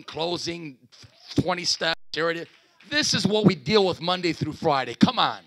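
A man's voice: high-pitched, vocal fry, fairly bright tone. A man preaching a sermon at a church service as pastor, calling out to the congregation and urging them to respond.

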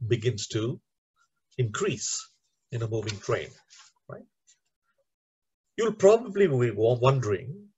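A man's voice: medium pitch, highs cut off, noisy background. A man teaching teachers in a recorded lecture, explaining step by step and often checking in with "right?". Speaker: teacher trainer.

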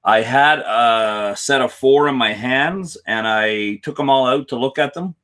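He's a guest on a relaxed whisky livestream, saying hello to viewers by name and replying with deadpan dryness. His voice is mid-range and his delivery unhurried.

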